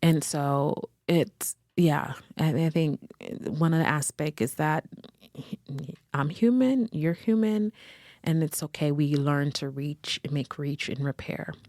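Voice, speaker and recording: Low, gravelly-voiced woman musing aloud. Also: slow, dry recording, clean studio sound. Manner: searching, self-correcting, gently conversational. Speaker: podcast host. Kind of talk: reflective solo talk.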